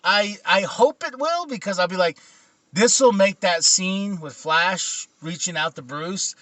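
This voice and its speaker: A man's voice: high voice, animated, a little slow, fairly bright tone, no echo. A man co-hosting a casual pop-culture chat, an enthusiastic fan who laughs easily. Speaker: podcast co-host.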